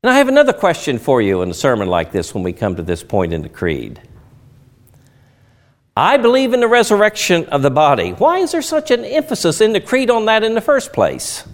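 A man's voice: high voice, wildly swooping pitch, a little fast. A middle-aged man preaching a sermon in a teaching tone, posing rhetorical questions and answering them.

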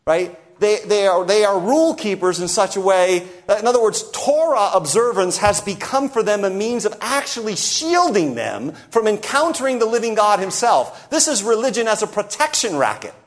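A man's voice: normal speed, hardly any pauses. A man preaching a sermon, talking straight to his listeners and acting out the voices in the story he tells. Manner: animated, sweeping pitch and loudness, acts out quoted voices.

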